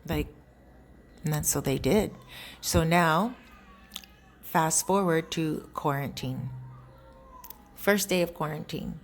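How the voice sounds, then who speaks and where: Woman, storyteller, casual, animated, chatty, low voice. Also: slow, long pauses, slight background noise. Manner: animated, conversational, chatty asides.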